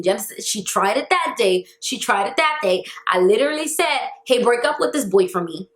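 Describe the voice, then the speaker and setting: Animated young woman vlogger, echoey room. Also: fairly high pitch, moderate pace, hardly any pauses. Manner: animated, exasperated storytelling with slang. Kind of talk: storytime vlog.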